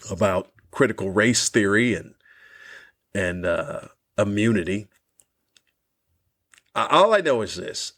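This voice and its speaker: Cranky ranting male comedian. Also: on the low side. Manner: cranky, exasperated, profane; mocking repetition of questions. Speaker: comedian and podcast host.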